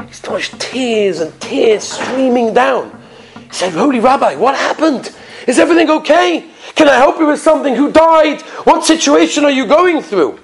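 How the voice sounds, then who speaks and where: A man with a high voice preaching a sermon. He tells stories in an animated way, chuckling often as he goes. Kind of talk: sermon with storytelling.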